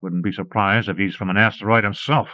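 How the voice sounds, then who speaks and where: A man reading a pulp short story aloud as an audiobook narrator, in a measured storytelling read. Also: lowish voice, steady tone, no room sound. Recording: dull lo-fi cassette audiobook.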